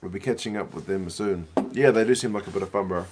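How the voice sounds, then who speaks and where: A young New Zealand man chatting casually as he watches rugby live, reacting loudly and answering viewer comments. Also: low voice, fast talker, noisy background. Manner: excitable, slangy, reads out viewer comments.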